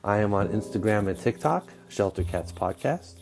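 A man's voice: fairly low pitch, lively intonation, normal speed, creaky. A man hosting a podcast, talking in a chatty, enthusiastic, rambling way, his voice scratchy from a stomach bug. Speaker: podcast host. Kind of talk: casual podcast intro.

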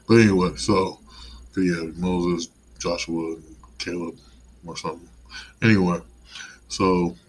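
Host, male, very low and monotone voice, loose rambling pep talk with some swearing, faint crickets behind. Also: a little hiss or hum, rough recording. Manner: casual, digressive, mildly profane. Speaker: podcast host. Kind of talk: rambling motivational monologue.

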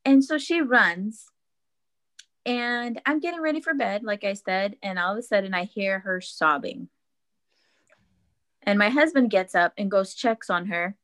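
A woman's voice: medium pitch, unhurried, pauses often, a bit bright. Earnest mother telling a story, faith-minded. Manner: earnest, reflective, with frequent fillers and restarts. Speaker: podcast guest. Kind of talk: casual conversational storytelling.

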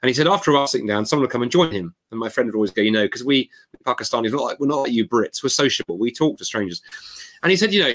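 A man, a guest author, talking casually and animatedly, acting out quoted dialogue as he tells stories. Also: medium pitch. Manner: animated storyteller who acts out quoted dialogue. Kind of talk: casual conversation.

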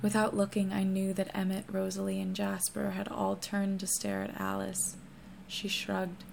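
A woman reading a first-person novel aloud in a hushed, steady narration that often drops to a whisper. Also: mid-range voice, moderate pace, creaky, background noise. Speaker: audiobook reader.

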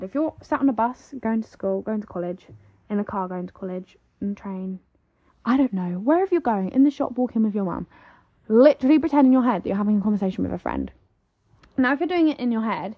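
A young woman, chatting casually in a vlog and saying "like" and "literally" all the time. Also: mid-range voice. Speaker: vlogger. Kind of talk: casual chat. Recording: slightly dull lo-fi audio.

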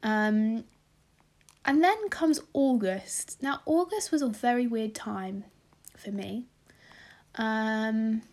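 A young British woman with a slightly high, somewhat dark voice tells her own story in a casual, meandering monologue, her asides dropping almost to a whisper.

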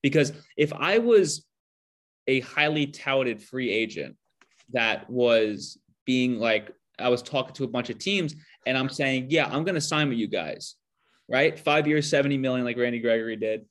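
A man's voice: medium pitch, animated, moderate pace. Young male co-host, casual, rambling, argumentative, trips over words. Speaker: podcast co-host. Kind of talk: casual podcast banter. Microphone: remote call mic.

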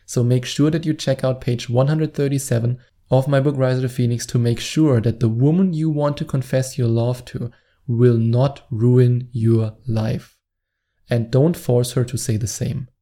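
A male dating coach talks straight to camera in an advice vlog. His voice is gravelly and very dark. He hammers points home by repeating the same words again and again. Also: mid-range voice, fairly even intonation, moderate pace. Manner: emphatic, repeats words for stress.

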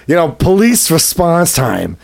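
A man telling a story in casual chat, animated and laughing often as he acts out what people said. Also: a little high, unhurried, gravelly. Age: adult, has a son. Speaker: podcast co-host telling a story.

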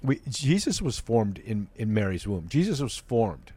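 A man's voice: on the low side, very animated, measured pace, mellow, breathy edge, dry recording. A man hosting a faith talk show, speaking earnestly and often repeating words as he searches for phrasing. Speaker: host.

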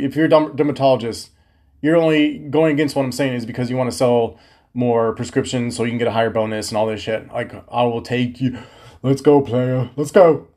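Podcast host, male, 30s, mid-pitched, loose profane storyteller. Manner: profane, animated, slangy storytelling. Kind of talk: casual storytelling monologue.

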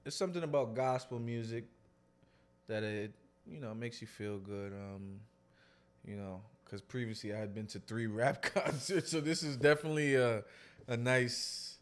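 A man's voice: medium pitch, steady tone, moderate pace. Laid-back man co-hosting a podcast. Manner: laid-back, joking, trails off often. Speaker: podcast co-host. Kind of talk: casual chat.

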